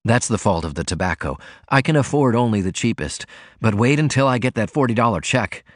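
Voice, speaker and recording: Reading an audiobook, a man voices a poor young male writer who speaks earnestly and eagerly. His medium-pitched voice is animated and a little fast, close to an everyday voice. The sound is clean studio audio with no room sound.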